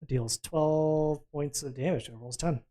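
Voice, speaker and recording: Brisk man running a tabletop game. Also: on the high side, dark tone. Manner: brisk, calls for dice rolls and narrates results. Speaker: game master.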